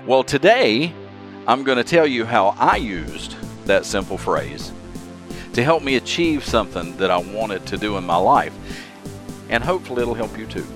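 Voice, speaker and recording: A man's voice: on the low side, sing-song, moderate pace, music in the background. A man hosting a solo motivational podcast, talking earnestly and leaning hard on repeated key phrases. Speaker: podcast host.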